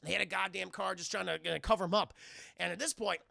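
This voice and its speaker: A man's voice: sits high, quick pace, vocal fry, no echo, studio quality. A man streaming a casual, profane scene-by-scene film recap to his live chat, acting out the scenes. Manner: animated, swearing, acting out scenes.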